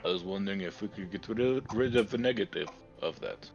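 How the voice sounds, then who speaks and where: A man's voice: lowish voice, brisk, gravelly. A man playing a tabletop game, speaking politely and a little hesitantly. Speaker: player. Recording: dull lo-fi stream audio with faint music.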